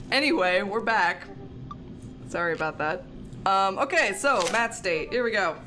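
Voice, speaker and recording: A woman's voice: fairly low pitch, noisy background. A woman streaming a video game, reading its dialogue aloud and chatting with viewers between lines, often breaking into giggles. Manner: giggly, chatty, reads characters with small voice shifts. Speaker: streamer playing a visual novel. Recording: game music behind the voice. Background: game music.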